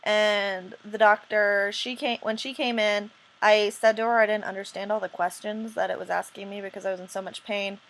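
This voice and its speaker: A woman talks straight to her camera in a casual vlog, retelling a story in a rambling, self-interrupting way. Her voice sits at an ordinary middle pitch for a woman. She sounds earnest and a little indignant, and she stops and restarts often with "um.". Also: flat delivery, moderate pace, few pauses, fairly bright tone, poor audio. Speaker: vlogger.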